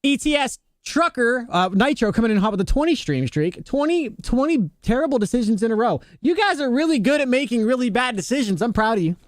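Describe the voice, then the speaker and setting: High-voiced young American male streamer, loose profane self-mocking chat, dry sound. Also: animated, a little fast, few pauses, no echo. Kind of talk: casual live-stream chat with viewers.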